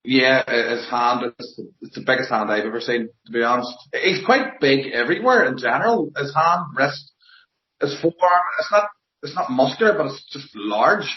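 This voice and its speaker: A softly spoken man with a Northern Irish accent, answering interview questions plainly and modestly. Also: mid-range voice, lively intonation, moderate pace. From Northern Ireland. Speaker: interview guest, armwrestler. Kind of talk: casual interview. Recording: echoey, muffled lo-fi audio.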